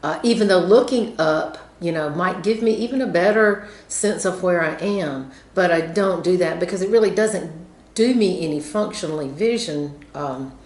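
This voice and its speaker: A woman's voice: lowish voice, moderate pace, a little mellow. A woman with a Southern American accent, telling a story casually to her viewers in a chatty, rambling way with lots of fillers. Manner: chatty, rambling with many fillers, laughs often. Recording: roomy echo.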